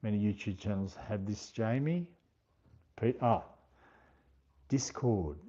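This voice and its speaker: An Australian man hosts a casual livestream, chatting slowly and unhurriedly in a lowish, expressive, mellow voice. He reads out viewer comments and thanks each viewer by name, over dull lo-fi stream audio.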